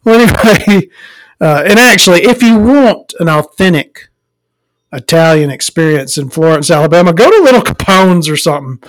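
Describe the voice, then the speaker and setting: A woman's voice: lowish voice, animated, moderate pace, no room sound, rough recording. A woman who hosts a podcast from home, ranting casually and profanely with frequent chuckles. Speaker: podcast host. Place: at home with her dog.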